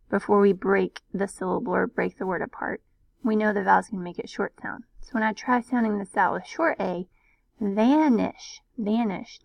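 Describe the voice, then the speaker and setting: A woman teaches a phonics lesson at a mid pitch, with a gravelly fry in her voice. She patiently stretches words out syllable by syllable. The sound is dry and close, with no room around it. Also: dry recording, rough recording.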